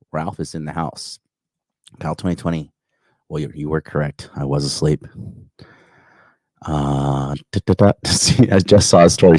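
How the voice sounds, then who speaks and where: A man's voice: low-pitched, darkish tone, no room sound, clean studio sound. A man in his thirties hosting a call-in livestream, rambling casually and crudely, full of "like" and "you know" while he reads out viewer comments. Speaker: call-in show host.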